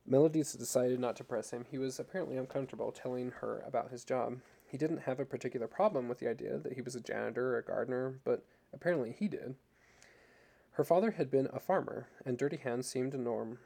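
A man narrating a novel in a measured, even storytelling manner. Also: mid-range voice, vocal fry. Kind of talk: audiobook reading.

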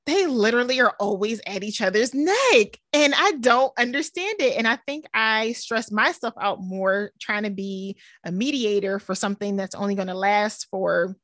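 A woman's voice: medium pitch, lively intonation, moderate pace, hardly any pauses, fairly bright tone, no echo, studio quality. A woman, co-hosting a podcast in casual chat and telling stories animatedly with many fillers. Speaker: podcast co-host.

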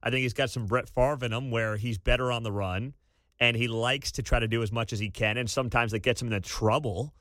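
A man's voice: mid-range voice, a little fast, no echo, studio quality. Fired-up male sports radio host. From Kansas City area. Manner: animated, incredulous rants with sudden shouting. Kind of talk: sports talk radio monologue.

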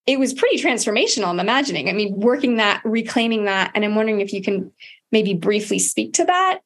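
A woman hosts a casual podcast chat in a voice of ordinary middle pitch. She speaks reflectively, pausing to search for her words and trailing through loose phrases. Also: animated. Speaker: podcast host.

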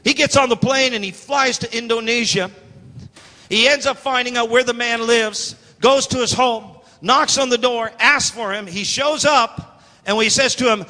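A man preaching a sermon as pastor, telling stories with energy and acting out the people in them, building up to shouts. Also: very high voice, moderate pace, in a large hall. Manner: animated storytelling, acting out quoted voices, building to shouts.

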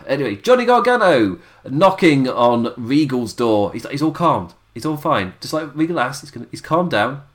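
A man talking through a weekly wrestling show in loose, rambling sentences. He chuckles often, fills his pauses with drawn-out filler sounds, and sits at an ordinary middle pitch. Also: fairly bright tone. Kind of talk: casual spoken review.

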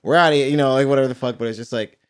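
A man's voice: medium pitch, racing, noisy background. Slangy, laughing man from New Jersey. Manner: slangy, profane, laughs a lot. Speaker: podcast co-host. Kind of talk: casual chat.

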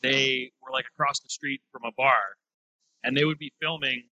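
A man co-hosting a podcast in a temporary studio, chatting casually and dropping wry, crude deadpan jokes. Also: mid-range voice, normal speed, no room sound, dull audio. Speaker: podcast co-host. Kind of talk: casual chat.

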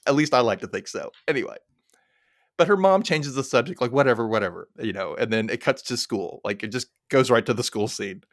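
Animated man hosting a podcast recap. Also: mid-range voice, fairly quick, no echo, studio quality. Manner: animated, laughs often, mimics characters in silly voices. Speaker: podcast host. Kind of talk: casual recap chat.

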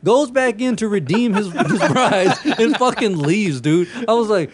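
Dude in his 30s telling wild stories on a podcast, swears a ton, laughs through it, slightly high voice. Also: animated, measured pace, noisy background. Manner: profane storytelling, laughs often. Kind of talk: casual chat.

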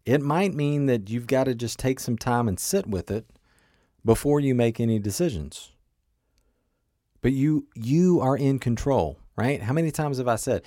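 A man's voice: mid-range voice, expressive, moderate pace, dark tone, no room sound, studio quality. A man giving an earnest coaching lesson, repeating key points and asking the listener questions. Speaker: teacher. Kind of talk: coaching talk on emotional regulation.

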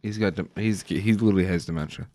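A man's voice: low-pitched, fast, warm tone. A man co-hosting a podcast, teasing his partner with profane jokes and chiming in with corrections in casual banter. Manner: teasing, profane, jokey interjections. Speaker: podcast co-host.

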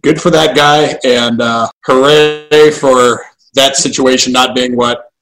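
A man's voice: mid-range voice, fairly even intonation, slow pace, a bit bright, rough recording. A man co-hosting a casual podcast chat, reacting to stories and making wry, dry asides.

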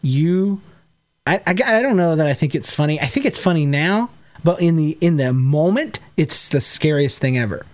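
A man's voice: a little high, expressive. A man co-hosting a podcast with his wife, teasing her in casual chat. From Georgia, US. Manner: playful, teasing, quick to laugh. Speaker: podcast co-host.

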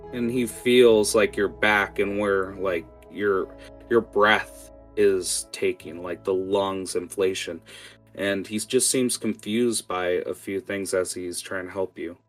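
A man runs a tabletop game as game master, narrating in a relaxed, halting way full of fillers. He talks slowly in a lowish voice. Faint guitar music plays behind him.

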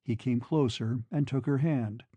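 A man narrating a classic novel in a measured, unhurried reading. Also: mid-range voice, warm tone, slightly rough, no echo. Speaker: audiobook narrator.

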